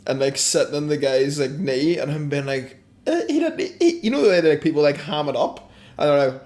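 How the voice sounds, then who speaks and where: A man's voice: a little high, lively intonation, brisk, a little mellow. A young man telling rambling, sweary stories in a casual comedy podcast chat. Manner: rambling storytelling, swearing, full of fillers. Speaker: podcast co-host.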